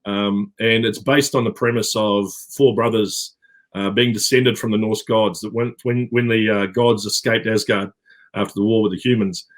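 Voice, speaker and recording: A middle-aged man with a New Zealand accent, chatting as an interview guest, rambling with many fillers and restarts. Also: on the low side. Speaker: actor guest. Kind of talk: casual interview chat.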